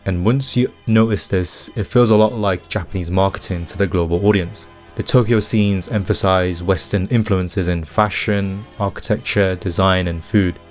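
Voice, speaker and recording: A man with a low, deep voice narrates a scripted video essay and lays out his analysis point by point. He sounds critical and opinionated, and soft guitar music plays faintly behind him. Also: steady tone, moderate pace, hardly any pauses. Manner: analytical, critiquing translation choices.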